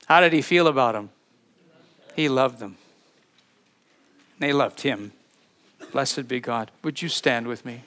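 A man's voice: medium pitch, fairly bright tone. Earnest male pastor preaching a sermon. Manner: earnest, fervent, slowing to read scripture aloud. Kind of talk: sermon with closing prayer and benediction.

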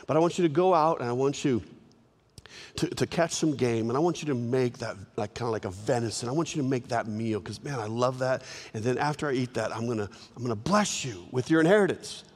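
A man doing a hushed old blind father. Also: brisk, natural voice. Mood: wistful. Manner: low murmuring, quiet. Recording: reverberant hall.

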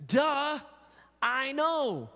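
A male pastor preaching a sermon in an animated way, acting out quotes. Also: very high-pitched, very slow, long reverb tail.

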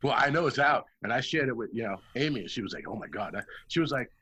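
A man's voice: mid-range voice, expressive, quick pace, sharp tone, slightly rough. A man in casual chat, talking emphatically and swearing often. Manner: profane, emphatic.

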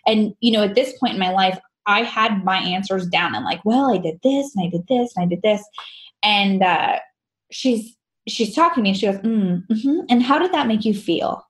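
A woman's voice: mid-range voice, normal speed. A woman guest telling her personal story candidly, laughing often and acting out the dialogue. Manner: animated, laughs often, acts out quoted dialogue.

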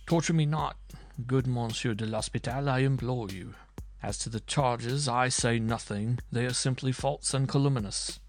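A man's voice: mid-range voice, moderate pace, soft background music, natural voice. A man voicing an arrogant, volatile medieval marshal who blusters and demands. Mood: pleading. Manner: blustering, imperious.

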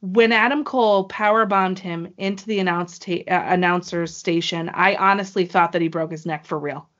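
A woman co-hosting a casual podcast chat, talking in an excitable, gushing way. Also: fairly low pitch, moderate pace, lo-fi sound. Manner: excitable, gushing fan talk. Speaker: wrestling show co-host.

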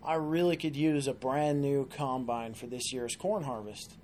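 A man's voice: mid-range voice, normal speed, darkish tone, a little hiss or hum, lightly acted. A man voicing a plain-spoken farmer in a spoken joke, in a folksy manner. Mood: musing.

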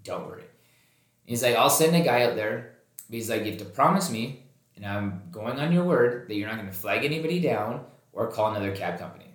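A man's voice: lowish voice, fairly quick. Man, podcast host, casual storytelling, acts out quoted lines, swears a lot, echoey room sound. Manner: animated, acts out quoted dialogue, swears freely. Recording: roomy echoey recording.

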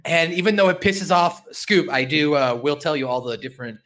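Bright, animated male podcast host. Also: a little high, brisk. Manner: animated, laughing, chatty. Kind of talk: casual podcast chat.

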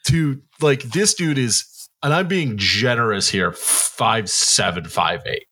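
A man's voice: medium pitch, slow, breathy edge. A man in his thirties co-hosting a podcast, telling a story in casual chat, acting out what people said and swearing freely. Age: 30s. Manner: animated storyteller, acts out quotes, swears freely. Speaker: podcast co-host.

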